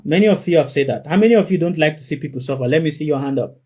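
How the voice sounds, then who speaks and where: A man's voice: fairly high pitch, quick pace, darkish tone. A man giving an emphatic spiritual sermon to a live audience, repeating his key phrases for effect. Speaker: spiritual teacher.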